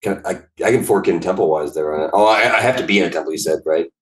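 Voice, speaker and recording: A man playing a tabletop game, speaking in a low voice. He asks short questions to check the rules and answers quickly with brief acknowledgements. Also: poor audio. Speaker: player.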